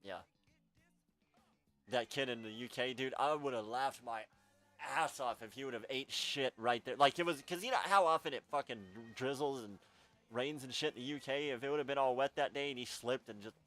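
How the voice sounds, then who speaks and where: A man hosting a casual stream, an animated, profane and opinionated talker. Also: medium pitch, normal speed, faint music behind. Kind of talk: casual chat.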